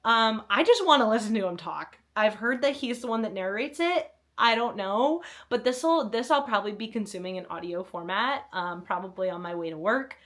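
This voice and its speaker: A woman's voice: mid-range voice, animated, moderate pace, hardly any pauses, fairly bright tone. A young woman vlogging about books she wants to read, in chatty, enthusiastic talk with self-mocking asides. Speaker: book vlogger. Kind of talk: casual chat with read-aloud blurbs.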